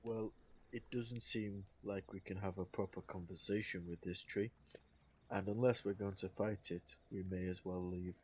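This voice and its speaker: A man's voice: low-pitched, fairly even intonation, moderate pace, a little mellow, a little hiss or hum. A man playing a tabletop game, dry and level-headed. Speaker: player.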